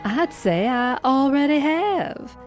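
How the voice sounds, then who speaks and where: An actress playing a suspicious wife in an audio drama, speaking in an indignant, measured way. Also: female voice, high-pitched, lively intonation, darkish tone, soft background music. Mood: wary. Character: suspicious wife snooping on her husband.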